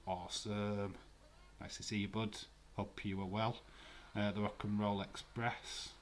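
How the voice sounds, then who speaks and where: Chatty man, low voice. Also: level tone, a little slow. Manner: chatty, swears freely, laughs while reading out viewer comments. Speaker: live-stream host. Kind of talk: casual live watch-along commentary.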